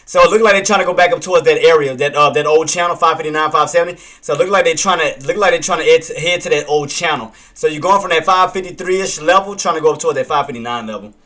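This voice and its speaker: Bright-voiced man, self-critical trading streamer. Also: on the high side, fast, hardly any pauses. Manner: self-critical, repeats himself, talks to chat by name. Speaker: day trader and livestreamer. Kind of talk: live trading commentary with chat.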